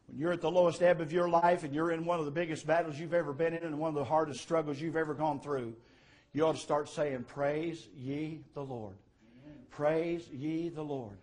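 A male preacher delivers a sermon in a fairly high voice. He builds to emphatic, louder peaks, then drops back to soft, conversational asides. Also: steady tone, fast talker. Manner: preaching with rising, emphatic swells and quieter asides.

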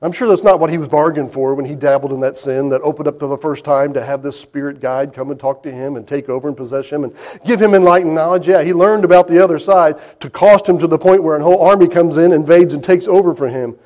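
Sermonizing man with a high-set voice. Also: fast. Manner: reads verses aloud, then retells them in lively everyday speech; swings between loud emphasis and quiet, hushed lines. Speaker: preacher.

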